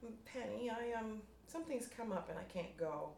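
Self-centered girl friend, lifted pitch , as a woman reads her, roomy distant sound. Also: expressive, fast, darkish tone, slight background noise, lightly acted. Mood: coaxing. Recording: roomy room, distant mic.

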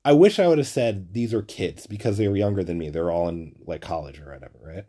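Speaking fast in a low, warm voice, this young Flatbush, Brooklyn man hosts a podcast and spins a profane, meandering story packed with "like."

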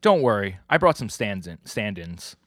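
A breezy older boss who brushes everything off, as a man reads him out in a dry, close-miked voice. He sits at a mid-range pitch that climbs a little higher than his usual talk. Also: big pitch swings, moderate pace, a bit bright, dry recording. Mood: nonchalant. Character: laid-back older male boss in a wheelchair.

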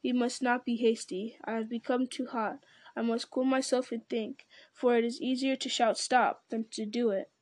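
A woman voicing an ancient, slow and grave male tree-giant in a storybook reading, speaking in a solemn, deliberate way. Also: on the high side, flat delivery, darkish tone, dry recording, close to an everyday voice. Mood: musing.

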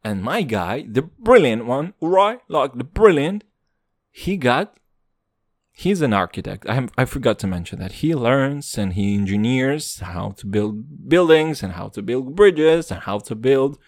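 A man doing a profane stand-up monologue in hip-hop slang, English not his first language, jumping between loud outbursts and low mutters. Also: sing-song, a little slow, no echo, studio quality. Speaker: stand-up comedian.

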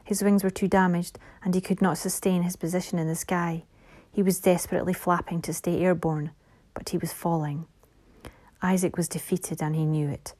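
A woman reads a fantasy novel aloud in a soft, measured voice. Her tone is mellow and rather dark. At times she drops into a hushed whisper. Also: fairly low pitch, little pitch movement. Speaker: audiobook narrator. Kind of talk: scripted fantasy narration.

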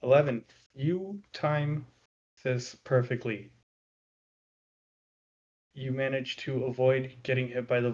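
A man narrating as game master of a tabletop game, in a measured way with many filler pauses. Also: mid-range voice, a little mellow, muffled recording.

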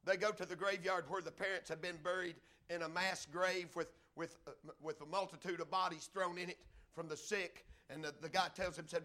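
A male preacher tells a story from the pulpit in a high, bright voice. He rises to loud, impassioned cries and then drops to a hushed, low delivery. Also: steady tone, fairly quick, hardly any pauses. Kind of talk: storytelling sermon.

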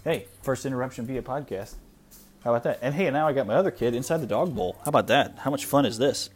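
A man's voice: mid-range voice, quick pace, husky. A man in his thirties hosting a solo podcast, ranting bluntly and with exasperation, with lots of "like" fillers, recorded at home with his small kids nearby. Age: 30s. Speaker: podcast host.

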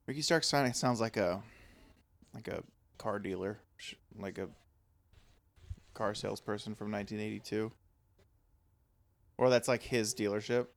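A man's voice: on the low side, moderate pace, vocal fry, pauses often. A man chatting casually and jokingly while watching, often dropping to a mutter. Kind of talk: casual chat watching wrestling.

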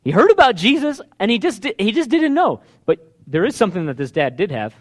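A man preaching a sermon, retelling a Bible story and acting out the characters' pleas, dropping to a hush and then rising loud. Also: sits high, fairly quick. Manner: animated, acts out quoted pleas in hushed then loud voices.

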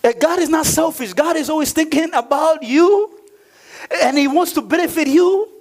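A man preaching a sermon as a pastor, with emphatic delivery, frequent laughs and questions to the audience, dropping into a low, joking aside voice. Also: moderate pace.

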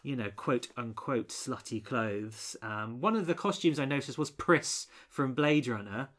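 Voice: mid-range voice, a little slow. A co-host reviewing a film in casual chat, rambling with many restarts and fillers.

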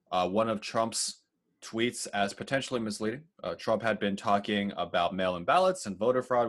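Low-voiced man co-hosting a podcast. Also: a bit bright. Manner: talks through news at length, with fillers and asides. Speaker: podcast co-host. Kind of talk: casual chat and news rundown.

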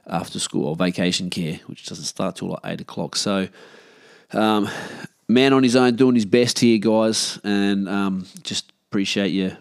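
Laid-back Australian man, low voice. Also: gravelly, no echo, clean studio sound. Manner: rambling, swears freely, laid-back. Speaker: podcast host. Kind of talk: casual solo podcast chat. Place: living room at home.

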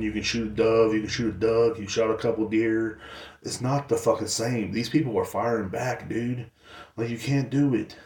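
A man's voice: on the low side, a little mellow. A man hosting his own podcast, rambling through a profane, casual rant full of fillers. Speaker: podcast host. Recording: roomy echo.

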